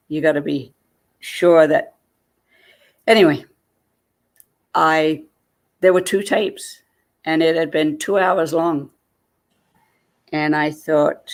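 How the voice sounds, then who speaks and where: A woman, a guest, telling a personal story in a lively way and acting out what people said. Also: low-pitched, slow pace, long pauses.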